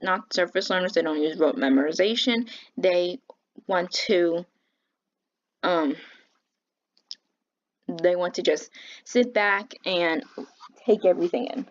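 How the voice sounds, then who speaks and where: A young woman giving a class presentation on teaching, talking in a flat, halting way with fillers and self-corrections. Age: young adult. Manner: says she speaks with a flat pitch. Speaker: education student presenting. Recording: dull lo-fi recording.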